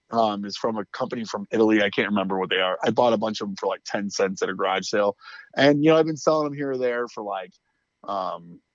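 A podcast co-host chats casually and tells a story, laughing often and acting out the quotes. His voice is medium-pitched, and the audio sounds dull with no echo.

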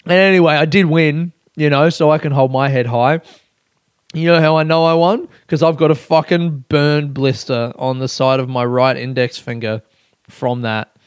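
A young man chatting through his weekend on a solo podcast, rambling and poking fun at himself with plenty of swearing. His voice sits a little high for a man, and the close mic sounds dry and close. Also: steady tone, normal speed, clear, resonant tone, dry recording. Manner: rambling, self-mocking, swears often, laughs a lot. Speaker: podcast host. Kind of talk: casual solo podcast chat.

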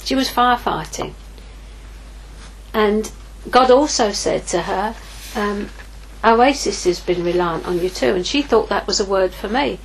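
A woman's voice: medium pitch, measured pace, slight background noise, low-quality recording. A middle-aged woman giving an informal sermon, telling a personal story candidly and acting out her own inner dialogue. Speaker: ministry leader preaching.

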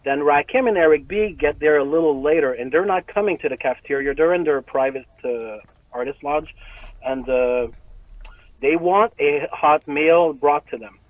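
A man casually telling a long story, animated and profane, often laughing as he talks. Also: fairly high pitch, normal speed, no echo, narrow, tinny audio.

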